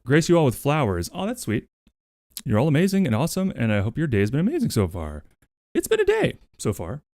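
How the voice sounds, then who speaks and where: A man's voice: medium pitch, huge pitch swings, fast, a little mellow, dry recording, clean studio sound. A man streaming from home, chatting casually with his viewers, playful and crude, and he often sings along to music. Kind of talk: casual live-stream chat.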